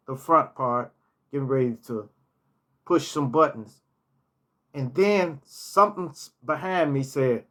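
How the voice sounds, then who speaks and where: A man recalls old workplace stories in a relaxed, conversational way. His voice sits a little high and he talks slowly, circling back to repeat phrases for emphasis. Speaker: storyteller, former hotel manager. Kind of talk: casual personal anecdotes.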